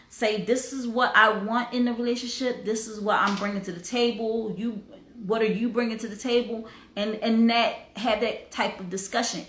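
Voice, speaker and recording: A woman's voice: on the high side, pushed and bright, reverberant. A woman hosting a casual livestream, talking in an emphatic, preachy way and sometimes breaking into song. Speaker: host.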